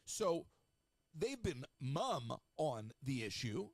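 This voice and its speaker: Chatty, snarky man with gravelly voice. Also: mid-range voice, slow pace, dry recording. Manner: chatty, snarky, rambling with lively asides. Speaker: radio show host. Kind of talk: casual solo radio talk.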